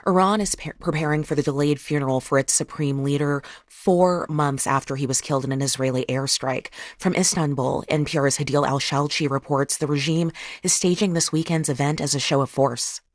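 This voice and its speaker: A woman news anchor reading scripted introductions in a measured, formal way. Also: deep voice, fairly even intonation, dry recording, clean studio sound.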